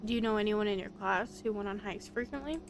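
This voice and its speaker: A woman's voice: medium pitch, fast, creaky, noisy background, lightly acted. Earnest inquisitive game sleuth, voiced by a woman. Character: polite young investigator searching for someone. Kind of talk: voice-acting a visual novel.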